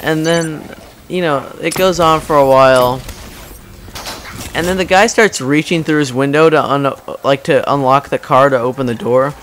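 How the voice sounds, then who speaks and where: A young gaming commentator chats casually as he plays, spinning rambling stories and performing quotes in loud, high voices. He talks at normal speed, and there's slight background noise.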